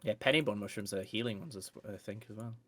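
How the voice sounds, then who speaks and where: A man's voice: fairly low pitch, dry recording. A man chatting and teasing while co-playing a video game. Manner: chatty, teasing, quick to laugh. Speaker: guest co-player. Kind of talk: casual chat over gameplay.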